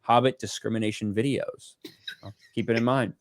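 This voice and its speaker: A man's voice: medium pitch, fairly even intonation, normal speed, no echo, clean studio sound. A man co-hosting a casual livestream, reading out viewer donations and swearing offhandedly. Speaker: livestream co-host reading superchats.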